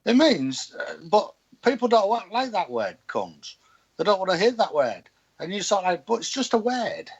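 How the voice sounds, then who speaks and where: A blunt, outspoken man with a Yorkshire accent from Hull, talking in a loose casual chat. His voice sits fairly high and swings widely in pitch, rising and dropping as he makes his points. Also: very animated, moderate pace, slightly rough, dull audio. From Hull, England. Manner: blunt, outspoken, swearing freely.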